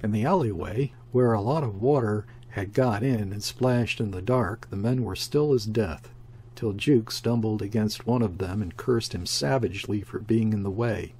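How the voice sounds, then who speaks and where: A man narrating a classic sea story as an audiobook reader, in a steady, measured way. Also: fairly low pitch, a little hiss or hum.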